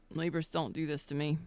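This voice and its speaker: A woman reading tarot on a live stream, emotional and choked up, talking slowly and soothingly with halting pauses. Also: low-pitched, a little mellow. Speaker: tarot reader.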